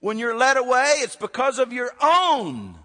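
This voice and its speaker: A male preacher delivers a sermon, rising to loud peaks and dropping to a hush. His voice is bright and forceful. It carries with the long reverb of a large church hall. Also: very high-pitched, big pitch swings, a little slow. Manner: dynamic, swings from loud to hushed, rhetorical questions.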